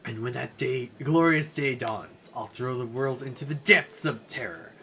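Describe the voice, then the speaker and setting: A man's voice: medium pitch, moderate pace, bright, forceful tone, faint music behind, pitched below the performer's own voice. A man voicing a pompous, narcissistic villain leader with a grandiose, menacing delivery during a game playthrough. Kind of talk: let's play voice acting.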